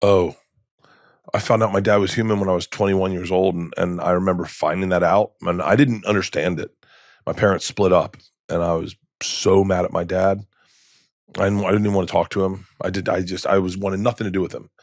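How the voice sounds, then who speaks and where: A man's voice: sits low, steady tone, a little fast, no room sound, studio quality. A middle-aged man, a comedian guest, telling candid stories in a podcast interview, rambling and restarting, with emotion showing through.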